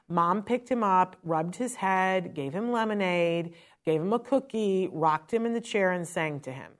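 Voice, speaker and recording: Earnest woman telling a parenting story. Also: on the low side. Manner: emotional, earnest, conversational. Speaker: parent educator on autism. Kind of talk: personal storytelling talk.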